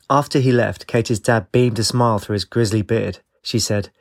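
Male audiobook narrator, low gravelly voice, measured read, dry close recording. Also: fairly even intonation, no echo.

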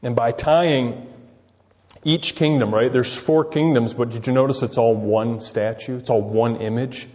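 A man preaching a sermon, peppering it with rhetorical questions and swinging between loud emphasis and quiet asides. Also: medium pitch, fairly even intonation, measured pace. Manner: rhetorical, keeps asking "right?". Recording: dull sound with long reverb.

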